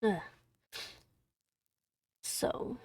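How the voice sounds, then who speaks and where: A young woman streamer chatting quietly and gently, half-whispering as she recaps a book she reads aloud. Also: extremely slow, dry recording, clean studio sound, distant mic. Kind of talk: gentle soft-spoken livestream chat.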